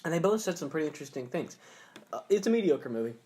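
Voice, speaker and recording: A man's voice: on the high side, very animated, fast, warm tone. A man hosting a casual podcast chat, joking and breaking into put-on voices. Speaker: podcast host.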